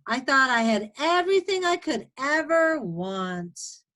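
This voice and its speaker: A woman reading a picture book aloud to children at story time, expressive and animated. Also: sits high, a little slow.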